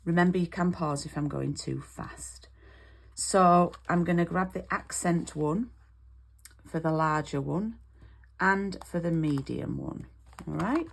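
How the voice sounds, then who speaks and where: A woman's voice: fairly low pitch, measured pace, vocal fry. A British woman demonstrating card making in an online class, chatty and step by step, checking in with "okay?" as she goes.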